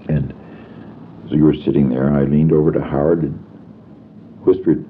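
An older man recalling stories from his working life, with a halting delivery full of fillers and restarts. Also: rumbling low, little pitch movement. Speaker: storyteller. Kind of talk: anecdotal reminiscence. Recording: tinny phone-like archival recording with faint hiss.

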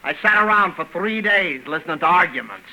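A man's voice: sits high, lively intonation, fairly quick, very noisy. An actor playing a pompous, henpecked middle-aged lodge president in a 1940s radio comedy, telling jokes about his marriage with self-mockery. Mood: rueful.

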